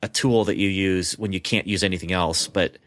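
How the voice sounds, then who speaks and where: A man's voice: low-pitched, fairly even intonation, normal speed, fairly bright tone, no echo. Male podcast host, dry close mic, chatty, laughs, loose fillers. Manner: chatty, laughs often, many fillers and restarts. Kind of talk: casual chat.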